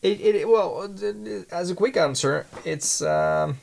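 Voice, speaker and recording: A man's voice: sits high, measured pace, creaky. A man who makes his own paints, chatting casually in his studio while thinking aloud, hesitant and rambling with many restarts. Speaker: handmade paint maker.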